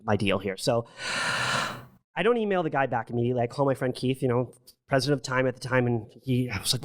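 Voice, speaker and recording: A middle-aged man, a podcast guest, telling a story in casual chat, animated and profane, acting out what people said. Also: medium pitch, fast. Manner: animated, profane, acts out quotes.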